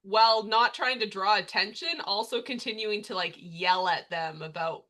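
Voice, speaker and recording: Tabletop player, bright voice, playful and giggly. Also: medium pitch, moderate pace. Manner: laughing, playful. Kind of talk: casual tabletop game chat.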